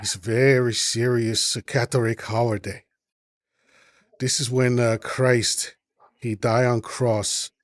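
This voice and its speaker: Earnest man, slow halting broken English, put on by a male host. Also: medium pitch, flat delivery, no room sound, close to an everyday voice.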